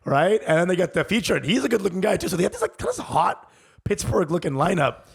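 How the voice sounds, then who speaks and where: A man's voice: high voice, sing-song, quick pace, gravelly, breathy edge. A man co-hosting a comedy podcast, telling rambling, profane stories and laughing often. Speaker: podcast co-host. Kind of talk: casual comedic chat.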